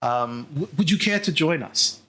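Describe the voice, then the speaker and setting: A man's voice: fairly high pitch, animated, moderate pace, pushed and bright. A man voicing a polite, flustered dragonborn scholar in a tabletop game, hesitant and effusively welcoming.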